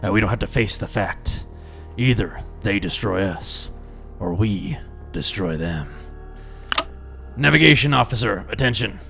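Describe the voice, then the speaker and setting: A man playing a stern starship captain in a radio drama, speaking in a deliberate, commanding way. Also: lowish voice, lively intonation, gravelly, fairly bright tone, faint music behind, heavily acted.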